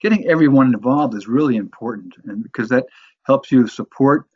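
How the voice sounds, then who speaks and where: A man's voice: mid-range voice, a little fast, darkish tone, husky, no room sound, lo-fi sound. A man from the New York area teaching a course on sales presentations, talking in a conversational way with frequent restarts and repeated words. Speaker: course instructor. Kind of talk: instructional talk on sales presentations.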